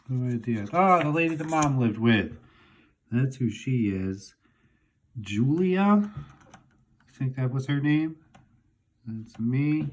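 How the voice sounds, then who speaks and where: A man in his forties calmly reminiscing to himself as he looks through old family photos. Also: medium pitch, slight background noise. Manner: unhurried, musing, talks half to himself. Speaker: vlogger looking through childhood photos. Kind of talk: casual reminiscing monologue.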